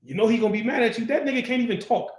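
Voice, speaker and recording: Blunt, high-voiced male teacher in an echoey room. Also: rapid-fire. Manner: blunt, profane, keeps asking "you understand?". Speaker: class teacher. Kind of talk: scripture class lecture.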